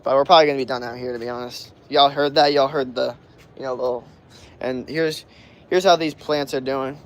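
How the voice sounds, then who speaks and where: A man's voice: mid-range voice, fairly even intonation, a little fast. A man of twenty-one from Florida, hosting a casual livestream and answering chat questions in a laid-back, slangy way. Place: outdoors at night.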